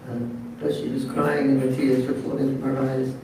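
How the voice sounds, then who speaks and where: A man giving a devotional sermon as a slow story, often clearing his throat and repeating words, recorded from a distance in a very echoey hall. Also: mid-range voice, monotone, mellow. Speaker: speaker telling a devotional story. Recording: very echoey hall, distant mic, faint noise.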